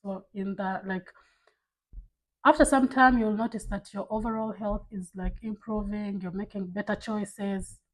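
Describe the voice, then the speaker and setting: A woman's voice: mid-range voice, steady tone, measured pace, rough recording. A woman talking candidly to camera, giving blunt life advice in a casual, filler-filled way. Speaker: vlogger.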